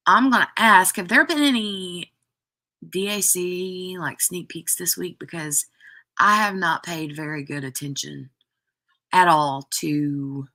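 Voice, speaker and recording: A woman's voice: lowish voice, slow, bright, forceful tone. A woman hosting a craft live stream, chatting casually with viewers in a rambling way full of "like" and "um".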